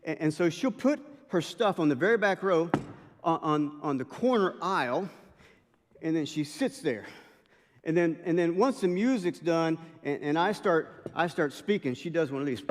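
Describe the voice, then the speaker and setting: A man giving an animated, conversational sermon as a guest chapel speaker, telling stories with frequent restarts. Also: fairly high pitch, normal speed. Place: university chapel. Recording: long reverb of a large hall.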